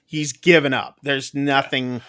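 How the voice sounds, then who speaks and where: A man co-hosting a casual talk show, recapping a story in a loose, rambling way with many fillers and quick jokes. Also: medium pitch, level tone, a bit bright, smooth, no room sound, studio quality. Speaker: podcast co-host reviewing a film. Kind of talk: casual chat, recapping a plot.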